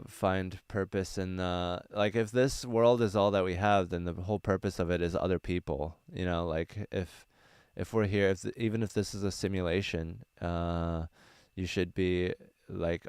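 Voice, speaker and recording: A man's voice: deep voice, flat delivery, moderate pace, darkish tone, clean tone, dry recording. A young adult male comedian answering viewer questions from his van in a casual livestream, rambling earnestly with lots of fillers. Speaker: stand-up comedian. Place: small van.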